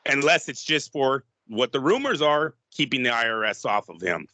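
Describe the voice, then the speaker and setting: A man co-hosting a boxing podcast, chatting casually and laughing through animated, rambling retellings. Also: mid-range voice, normal speed. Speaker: podcast co-host.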